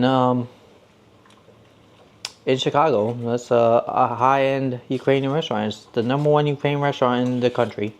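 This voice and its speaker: A man's voice: mid-range voice, a little mellow. A man hosting a casual cooking live stream from his home kitchen, rambling as he peels and chats with viewers. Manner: rambling, chatty, talks to chat and a cat.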